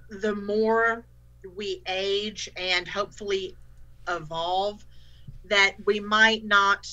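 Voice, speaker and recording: Bright-voiced woman co-host. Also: medium pitch, rough recording. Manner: joking, thoughtful, halting questions. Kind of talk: casual chat.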